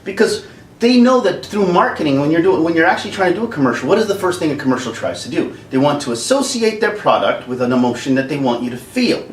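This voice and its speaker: Animated man ranting. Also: a little high, quick pace, slight background noise. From Canada. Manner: animated, laughs often, acts out quotes. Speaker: vlogger. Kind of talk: casual rant. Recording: roomy, distant mic.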